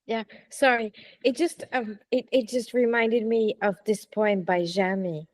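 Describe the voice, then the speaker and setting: A woman's voice: fairly high pitch, steady tone, measured pace. A woman taking part in a discussion, recalling a poem in a hesitant way with many fillers. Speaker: participant in a gathering. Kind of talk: casual discussion.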